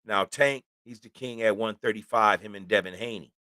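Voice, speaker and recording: A man's voice: lowish voice, normal speed, pushed and bright, dry recording, clean studio sound. A middle-aged man hosting a casual sports talk show, chatting loosely and keeps asking "you know what I'm saying". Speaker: host.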